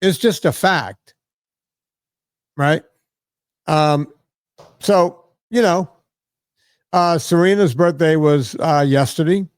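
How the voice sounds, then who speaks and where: A man hosting a podcast, telling a long anecdote in a relaxed, rambling way, with frequent fillers and "right?" asides. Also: on the high side, dry recording, studio quality. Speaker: podcast host. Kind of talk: casual podcast chat.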